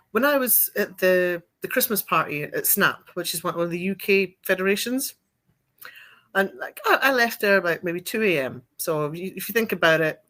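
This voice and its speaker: A middle-aged woman with a Scottish accent talks like a guest on a casual chat show. Her voice is bright and ringing. She tells stories freely, swears, and breaks into laughter often. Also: on the low side. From Scotland. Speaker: podcast guest.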